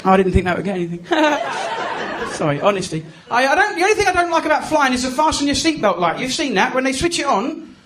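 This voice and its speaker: A man's voice: very high-pitched, sing-song, fast. A man in his thirties with an English accent, doing a chatty, self-mocking stand-up set and teasing the audience. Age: 30s. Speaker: stand-up comedian. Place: comedy club stage. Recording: live club recording with crowd noise. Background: audience laughter and room noise.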